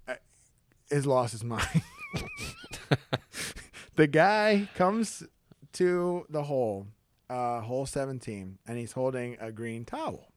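A man co-hosting a podcast, telling stories in a casual, animated way. He acts out the people he quotes in a high, excited voice and often restarts his sentences. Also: slow pace, long pauses, no echo. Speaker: podcast co-host. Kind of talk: casual storytelling chat.

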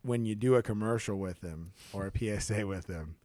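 A man co-hosting a podcast, telling stories in a casual, animated way. He acts out the people he quotes in a high, excited voice and often restarts his sentences. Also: a little fast, no echo. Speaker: podcast co-host. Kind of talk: casual storytelling chat.

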